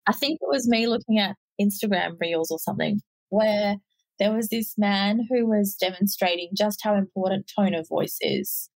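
A woman's voice: mid-range voice, normal speed, no room sound, poor audio. A woman hosting a podcast interview, telling stories and asking questions in a chatty, casual way. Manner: chatty storytelling. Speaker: podcast host.

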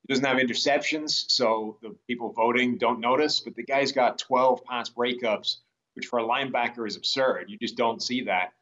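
A man speaking as a football analyst guest on a sports radio show, giving measured, matter-of-fact analysis. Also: medium pitch, fairly bright tone, recorded from a distance. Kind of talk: casual sports radio interview. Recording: slightly dull remote line.

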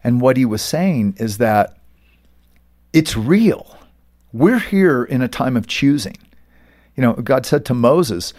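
Speaking slowly with long pauses, a medium-pitched middle-aged man, a pastor and author, recounts stories in an interview. He's an animated storyteller who performs the voices he quotes.

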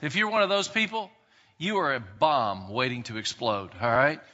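A pastor preaching a sermon in an animated way, acting out quotes and swinging between loud and soft. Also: male voice, medium pitch, normal speed. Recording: dull sound in a long-reverb hall.

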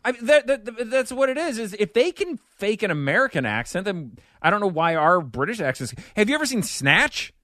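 Lively, bright-voiced male podcast host. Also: high-pitched, fairly quick, hardly any pauses, dry recording, studio quality. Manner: animated, wry, trails off and restarts. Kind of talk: casual podcast banter.

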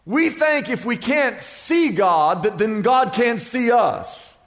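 High-voiced joking preacher. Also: male voice, animated, slow, fairly bright tone, in a large hall, soft background music. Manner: jokey storytelling, quizzing the congregation. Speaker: pastor. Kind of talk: sermon.

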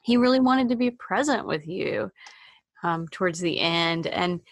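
Woman interviewer, slow and gentle, low raspy voice, dry close sound. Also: animated, no room sound. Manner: slow, thoughtful, gentle, with halting restarts. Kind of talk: personal interview.

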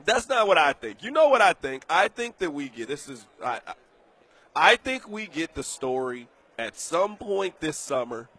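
A man hosting a sports radio show, delivering an animated, emphatic, joking monologue from a studio. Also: a little high, moderate pace, no echo.

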